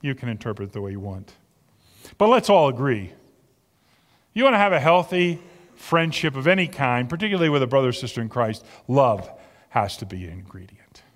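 Earnest preacher in a reverberant hall. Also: male voice, medium pitch, very animated, fairly quick, long pauses. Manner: earnest, conversational preaching with repeated words. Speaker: pastor. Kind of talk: sermon. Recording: long reverb of a large hall.

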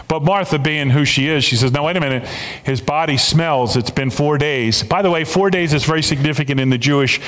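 Male pastor, high voice, animated sermon delivery, church reverb. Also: brisk. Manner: animated preaching with repeated restarts. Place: church sanctuary.

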